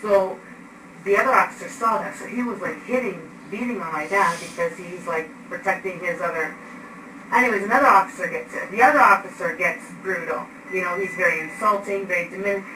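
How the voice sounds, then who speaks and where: A woman's medium-pitched voice moves fairly quickly as she tells, with agitation, what she saw during an arrest. Indoors at home, she acts out the events animatedly with gestures. Background noise and echo are picked up by a mic placed at a distance.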